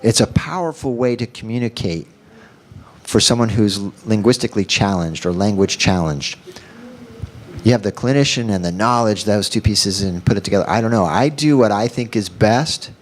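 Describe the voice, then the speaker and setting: A man's voice: lowish voice, normal speed. Man telling a story in a workshop. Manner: animated storyteller who acts out the dialogue. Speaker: workshop presenter. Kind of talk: storytelling in a training talk.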